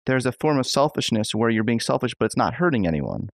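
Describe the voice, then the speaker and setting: Gravelly-voiced male podcast host. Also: mid-range voice, sing-song, quick pace, no echo. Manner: enthusiastic, thinks aloud with many fillers. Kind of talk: conversational interview.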